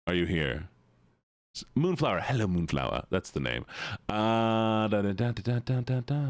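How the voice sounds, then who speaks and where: A man's voice: fairly low pitch, expressive, moderate pace, no room sound. A man streaming live, playfully greeting his chat one by one with sing-song hellos. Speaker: livestreamer. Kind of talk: casual livestream chat.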